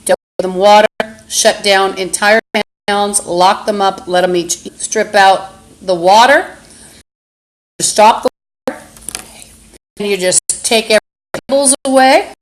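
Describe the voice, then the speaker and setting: A woman with a mid-range voice rambles through a live-stream monologue into her phone camera, halting often and leaning on fillers. Angry, insulting outbursts cut in, and the recording quality is rough.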